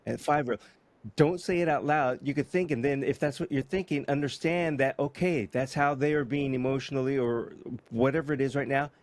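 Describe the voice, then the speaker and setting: A man's voice: mid-range voice, steady tone, a little fast, dry recording. A man hosting an interview, chatting casually with fillers. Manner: conversational, with fillers. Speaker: podcast host.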